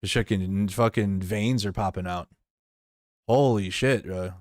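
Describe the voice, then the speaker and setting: A man's voice: lowish voice, measured pace, darkish tone, no room sound, studio quality. A man streaming live, reacting to news in loose, profane, rambling talk. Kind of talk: casual live stream commentary.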